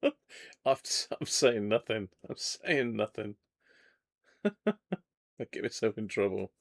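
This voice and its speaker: Bloke on a livestream, bit of fry in his voice, chatty and jokey. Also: lowish voice, sing-song, takes it slowly. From Devon, England. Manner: chatty, jokey, reads out viewer comments. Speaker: livestream host. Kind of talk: casual live chat. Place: home radio workshop.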